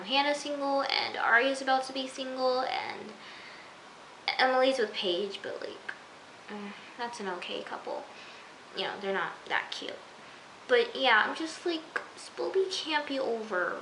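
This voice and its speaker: A chatty young woman talking through a TV episode, her bright, forceful voice set a little high for a woman. She gushes and fills her talk with "like". The room is echoey, with a faint hiss behind her. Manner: gushing, chatty, frequent "like" fillers. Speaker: TV recap vlogger. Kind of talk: casual episode review.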